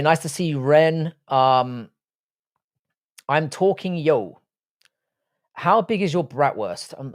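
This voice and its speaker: A young man, Irish but raised in London, with a London accent, casually hosting a live stream and answering chat in a blunt, sardonic, sweary way. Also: medium pitch. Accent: London English. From Ireland, raised in London. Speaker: livestream host reading chat.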